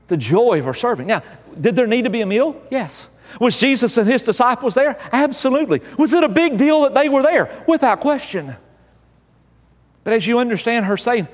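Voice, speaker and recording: High-voiced preacher in an echoing church. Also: male voice, sing-song, normal speed. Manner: emphatic preaching with repeated phrases. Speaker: pastor. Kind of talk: sermon.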